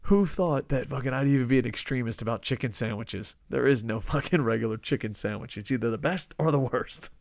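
A gravelly-voiced man from New Jersey co-hosts a loose wrestling review, swearing freely and laughing through his rants. His voice sits at an ordinary middle pitch and is recorded close and dry, with no room sound. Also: fairly quick, hardly any pauses, dry recording. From United States, New Jersey. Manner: profane, emphatic, laughs often. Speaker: podcast co-host. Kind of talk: casual wrestling review chat. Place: lives in Japan.

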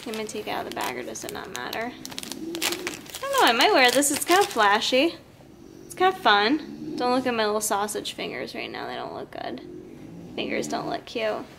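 This woman in her twenties, a fitness vlogger, chats upbeat and casually to her handheld camera while out on errands in her car, at the gym, and at home, using "like" often. Her gravelly, somewhat high voice has huge pitch swings at a normal speed, with noise in the background.

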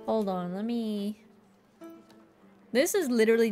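A woman's voice: a little high, expressive, measured pace, a little mellow, faint music behind. A woman streaming a game, chatting casually to herself in a playful, jokingly bossy way. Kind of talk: casual gameplay commentary.

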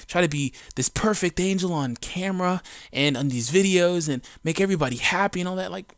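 His voice sits high and moves fairly quickly with few pauses, recorded dry on a home mic that sounds clean and studio-like. A grown man and gaming YouTuber, he delivers a casual, unscripted rant to camera: blunt, defiant, slangy, profane, and rambling with many fillers.

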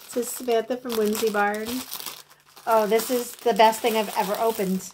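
A woman in her thirties unboxing gifts in a casual vlog, gushing and excitable as she talks straight to her viewers, and turning soft and halting when she is moved. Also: a little high, slight background noise. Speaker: vlogger.

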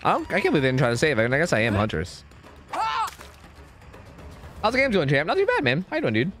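Brief: male game streamer, somewhat high, very animated voice, rambling chatter, faint music underneath. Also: fast talker. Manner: rambling, lots of fillers and profanity. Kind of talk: casual gaming stream chat.

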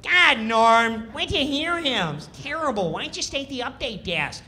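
A man's voice: lively intonation, normal speed, pushed and bright, heavily acted. A man doing a whiny, nagging castmate. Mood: needling. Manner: high, nagging, scolding. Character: whiny, needling young male castmate.

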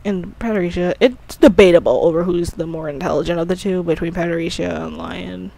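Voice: medium pitch, steady tone, fairly quick, gravelly, dark tone. The creator of an audio drama series, rambling through a casual commentary with an offhand, slightly sleepy manner and many self-corrections. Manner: rambling, often restarts and corrects itself.

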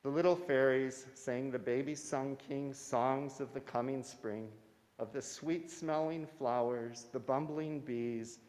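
A man reading a children's story aloud at a church service, gentle and measured. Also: medium pitch, long reverb tail. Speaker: story reader. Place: church sanctuary.

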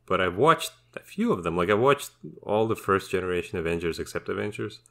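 Very deep-voiced sardonic man. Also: expressive, fairly quick, creaky, pushed and bright. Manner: sardonic, mocking. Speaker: podcast guest. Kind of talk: casual podcast discussion.

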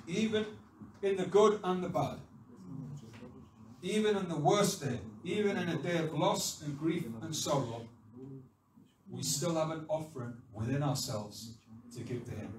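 A man preaching a sermon, emphatic and insistent, repeating his phrases with rising force. His voice sits fairly high and is picked up from a distance, so it rings around an echoey church hall. Steady room noise sits under the recording. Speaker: pastor. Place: church service.

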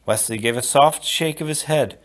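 A man reading a novel aloud in a steady, measured narration. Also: mid-range voice. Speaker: audiobook reader. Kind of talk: storybook read-aloud.

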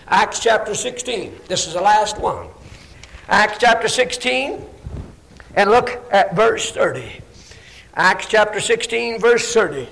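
A preacher delivering a fiery sermon with heavy emphasis, quoting scripture in old-fashioned English. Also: male voice, sits high, creaky, fairly bright tone, low-quality recording.

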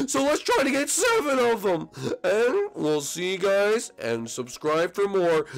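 A woman's voice: medium pitch, gravelly. A woman hosting a goofy game-spoof video, talking in a silly, playful way. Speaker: host.

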